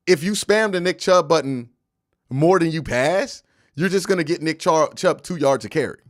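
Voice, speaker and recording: A man's voice: fairly high pitch, dry recording, clean studio sound. A young man hosting a casual live-stream sports show, arguing his points with energy and answering viewers' chat messages. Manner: animated, argumentative, reads and answers viewer chat. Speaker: host of a live football post-game stream.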